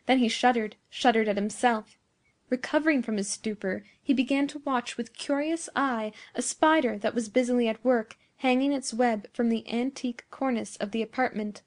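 A woman reading a classic tale aloud. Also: fairly high pitch. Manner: measured storytelling. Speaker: audiobook narrator. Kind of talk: scripted narration.

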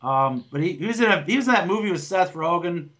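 A man's voice: sits high, expressive, fast talker, fairly bright tone. A man who does stand-up, chatting on a podcast in a blunt, rambling way with lots of swearing and restarts. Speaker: podcast co-host, stand-up comic. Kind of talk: casual podcast chat.

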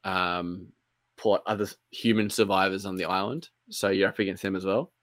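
A man's voice: low-pitched, steady tone, normal speed, a bit bright, dry recording, clean studio sound. A man chatting casually about games, rambling and hesitant, swearing now and then. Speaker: streamer co-host. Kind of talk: casual gaming chat.

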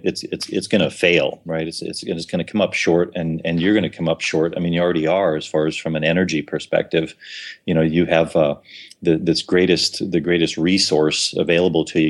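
A man's voice: low-pitched, little pitch movement, fairly quick, slightly rough. A man talking casually as a podcast guest, with many restarts and repeated words.

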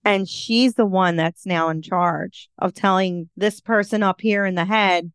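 Smooth-voiced woman, earnest coach. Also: mid-range voice, steady tone, unhurried, no room sound, studio quality. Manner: earnest, reflective talk about spirituality. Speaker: coach and guest. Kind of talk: casual interview chat.

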